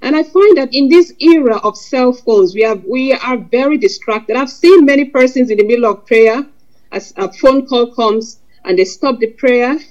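A woman with a fairly high voice preaches a sermon, earnest and conversational, weaving scripture quotes into plain talk to her congregation. The recording is dull and lo-fi. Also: moderate pace, a little mellow. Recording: lo-fi dull sound.

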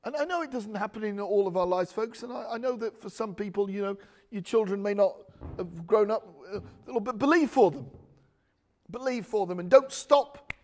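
A man's voice: high voice, normal speed, darkish tone. A man preaching a chatty, joking sermon full of asides. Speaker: pastor.

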